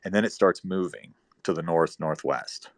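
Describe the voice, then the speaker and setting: A man telling a long, rambling story in casual talk, profane, swinging between loud bursts and quiet asides. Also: low voice, normal speed, no echo.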